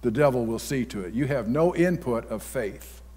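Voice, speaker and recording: At normal speed and in an expressive mid-range voice, a man pastor preaches his sermon bluntly and folksily, with sudden loud outbursts. The setting is a large church hall, and the recording has its long reverb.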